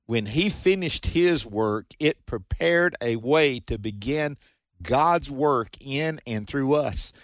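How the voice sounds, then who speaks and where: A man's voice: medium pitch, expressive, slow pace, no room sound. A man co-hosting a Bible teaching radio show, reading scripture aloud and commenting in an earnest, preacherly way.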